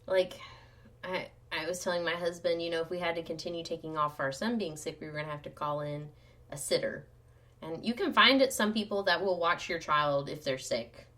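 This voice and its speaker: A woman's voice: fairly low pitch, a little fast, pushed and bright. A woman co-hosting a podcast in casual chat, talking in a loose conversational way with lots of "like" and "right?". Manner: chatty, conversational, often says "like" and "right?". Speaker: podcast co-host.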